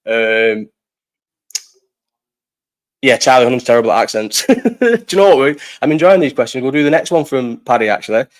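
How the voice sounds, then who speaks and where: A man's voice: medium pitch, expressive, normal speed, pauses often. A young man, hosting a casual live-stream chat, swearing freely and often trailing off mid-sentence. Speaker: host.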